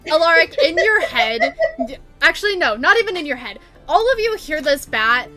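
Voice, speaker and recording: High, bright-voiced woman running the game. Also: big pitch swings, soft background music. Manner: playful, laughing, unhurried. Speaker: game master. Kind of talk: narrating a tabletop game.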